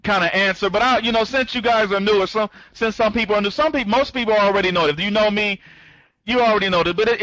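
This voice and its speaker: Excitable rambling man on dull audio. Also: high voice, no echo. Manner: speeds up when excited; rambling, with many restarts, greeting listeners by name. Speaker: online program trainer. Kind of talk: live online training talk.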